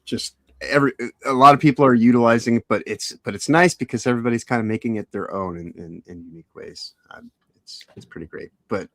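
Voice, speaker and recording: A man's voice: medium pitch, fast talker, dry recording. A man co-hosting a casual livestream, talking hesitantly with many fillers. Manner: hesitant, lots of filler words. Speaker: livestream co-host.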